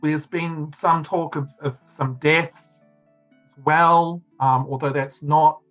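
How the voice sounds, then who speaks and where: A man's voice: fairly high pitch, steady tone, slow pace, fairly bright tone, faint music behind, low-quality recording. A man running a tabletop game as game master, narrating in a rambling way full of fillers.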